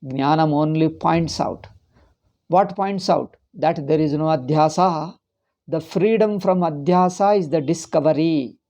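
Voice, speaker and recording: A man's voice: fairly high pitch, a little slow, darkish tone. A man, teaching a scripture class and explaining patiently, with many repeats and Sanskrit terms. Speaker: Vedanta teacher.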